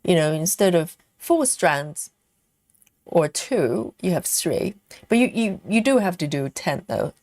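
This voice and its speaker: Woman host reading out viewer comments in an unhurried, um-filled chat; dry, close recording. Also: fairly low pitch, lively intonation, darkish tone, no room sound. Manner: unhurried, thinking aloud with many ums. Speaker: cross-stitch livestream host.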